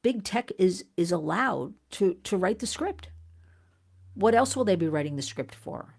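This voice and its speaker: A middle-aged woman from the United States hosting an advocacy livestream, talking urgently and earnestly to viewers, often restarting and swinging up in pitch. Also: expressive, a little slow, gravelly, a little mellow, husky. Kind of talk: impassioned livestream address to viewers.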